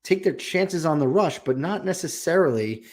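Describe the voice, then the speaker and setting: A man's voice: fairly high pitch, lively intonation, normal speed, a little mellow. Chatty podcast co-host man. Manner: chatty, lays out his analysis, easy laughs. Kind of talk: casual sports chat.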